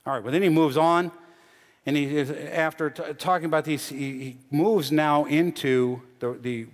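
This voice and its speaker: A pastor delivers a sermon in a slightly high male voice. He teaches earnestly, often repeating or restarting a phrase before pressing on. The hall adds a long, lingering reverb.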